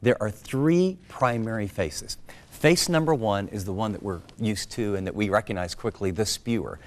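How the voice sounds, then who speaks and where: A man's voice: lowish voice, normal speed. A middle-aged man, a pastor, giving an earnest, conversational sermon-style talk, acting out everyday examples as he teaches.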